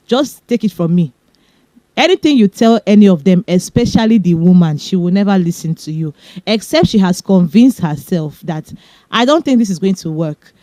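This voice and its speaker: Young woman, Nigerian accent, podcast host, chatty fast advice, mellow voice, dry sound. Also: on the low side, no room sound. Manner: fast, chatty, laughing asides. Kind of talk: casual advice talk.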